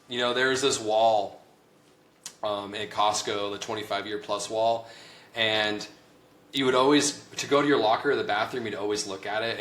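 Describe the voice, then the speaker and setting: A young man hosting a casual chat, laid-back and quick to laugh. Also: on the low side, a bit bright, a little hiss or hum. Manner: laid-back, laughs often, says "dude". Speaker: host, copywriting coach. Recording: roomy echo.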